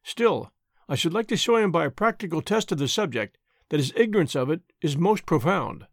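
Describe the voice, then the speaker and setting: Polite earnest young guy, formal talk, animated, narrator voicing him. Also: a little high, brisk, no room sound, studio quality. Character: polite, quick-witted young male cyclist.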